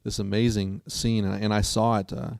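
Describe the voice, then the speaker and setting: A man's voice: on the low side, flat delivery, a little fast, vocal fry, darkish tone, dry recording, clean studio sound. A man co-hosting a casual talk show who tells stories in an earnest, rambling way. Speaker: co-host. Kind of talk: casual chat.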